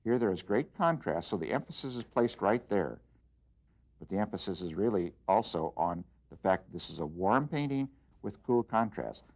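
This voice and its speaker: Patient, low-voiced male art teacher. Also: lively intonation, normal speed. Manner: plain, patient explaining with frequent fillers and restarts. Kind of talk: instructional demonstration.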